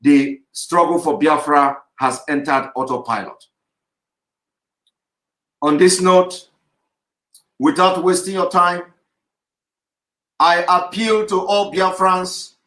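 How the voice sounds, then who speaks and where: Man, activist broadcast, insistent repeated demands, bright voice in an echoey room. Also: sits high, takes it slowly, long pauses. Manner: insistent, repetitive, forceful oratory. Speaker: activist leader giving a live broadcast. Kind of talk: live online address to followers. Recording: roomy echo.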